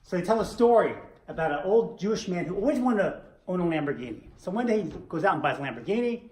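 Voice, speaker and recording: Joking teacher guy, bouncy lively voice, lots of questions, roomy echo. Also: high voice, fast. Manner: animated, rhetorical questions, playful. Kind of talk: lecture with jokes.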